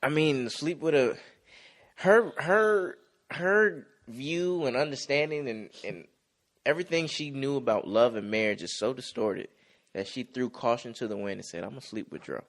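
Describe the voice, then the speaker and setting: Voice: mid-range voice, a little slow. A podcast co-host trading playful, teasing banter in a casual TV recap.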